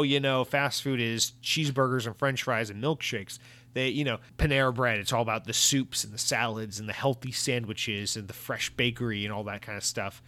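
An American man hosts a casual gaming podcast, rambling along as he reads listener comments and reacts with animated asides. His voice sits at an ordinary middle pitch and is recorded dry and close, with no room sound around it. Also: no room sound. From United States. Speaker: podcast host. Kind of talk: casual solo podcast chat.

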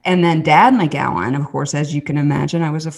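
A woman with a notably low, deep speaking voice, sharing a candid personal testimony as a podcast guest. She tells her story in an animated way, circling back and restarting her sentences and adding asides as she goes. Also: fairly quick, gravelly. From Southern United States.

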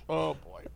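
A man chatting casually on a podcast, telling stories animatedly and laughing often. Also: bright, forceful tone. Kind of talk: casual chat and storytelling.

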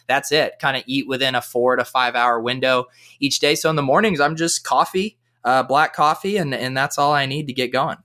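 A man giving fantasy football analysis as a guest in a casual podcast chat, talking with energy. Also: mid-range voice. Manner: energetic, fast-flowing analysis.

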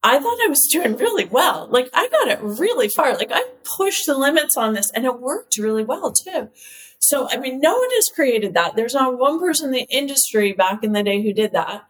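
High-voiced woman telling lively stories. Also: moderate pace. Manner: lively storyteller, laughs often, many "like" fillers. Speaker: CEO and cosmetic chemist, guest. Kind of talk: casual chat, telling stories.

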